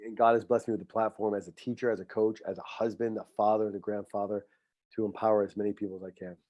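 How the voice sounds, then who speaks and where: A middle-aged man, a high school football coach, speaking in a heartfelt, faith-filled way on a podcast, often repeating words when he is moved. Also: level tone, quick pace, darkish tone, no room sound. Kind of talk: emotional podcast interview.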